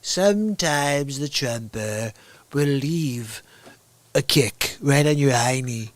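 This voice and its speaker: A man's voice: medium pitch, animated, slow, no room sound. A man doing a comedic impression of a blustering older tycoon president who taunts and boasts about himself. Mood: taunting.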